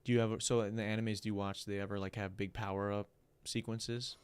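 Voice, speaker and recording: A man's voice: on the low side, little pitch movement, quick pace, clear, resonant tone. A man hosting a casual podcast chat, loose and joking, swearing freely and calling his guest bro. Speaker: podcast host.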